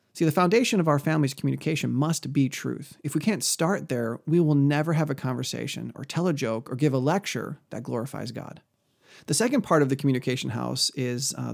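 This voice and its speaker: A man's voice: medium pitch, gravelly, darkish tone. A man giving an earnest, conversational Christian teaching on parenting, often quoting scripture. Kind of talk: earnest religious teaching talk.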